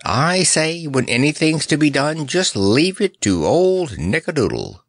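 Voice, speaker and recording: A man's voice: medium pitch, big pitch swings, measured pace, fairly bright tone, no room sound, pitched above the performer's own voice. A man voicing a cheerful, boastful winged male creature who speaks in a chirpy, doting way. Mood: proud.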